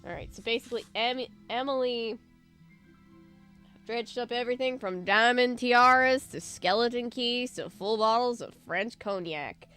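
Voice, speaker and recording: A woman's voice: fairly high pitch, unhurried, a bit bright, clear, resonant tone, soft background music. A woman hosting a let's play, chatting casually and thinking aloud while coughing from allergies. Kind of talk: casual gameplay commentary.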